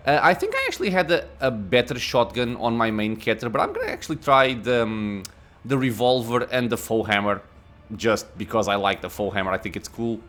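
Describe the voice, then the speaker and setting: A man's voice: medium pitch, fairly bright tone. A man giving casual gameplay commentary as a let's play host, thinking aloud with many "uh"s and laughing at himself.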